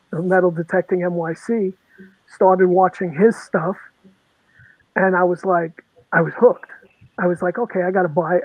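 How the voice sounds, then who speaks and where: Brooklyn guy w a new york accent telling his story, high voice, dry thin call sound. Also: dry recording. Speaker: guest. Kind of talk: casual chat on a video call. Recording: tinny phone-like call audio, dry.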